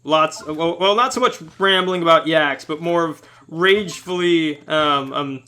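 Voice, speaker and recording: Give me a man with a bright, sharp voice doing animated let's-play commentary, ranting as he goes. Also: fairly high pitch, a little slow. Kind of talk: casual rambling commentary while playing a game.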